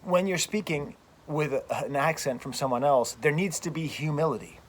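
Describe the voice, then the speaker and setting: An American man, a French professor hosting his own channel, delivering an animated, emphatic opinion rant outdoors, often repeating phrases. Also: fairly high pitch, normal speed.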